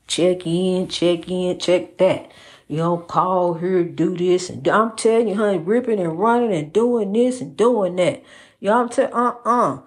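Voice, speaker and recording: Woman, preachy, repetitive, swooping pitch, impassioned motivational talk. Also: a little mellow. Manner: preachy, repeats phrases, calls listener honey. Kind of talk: impassioned faith-based pep talk.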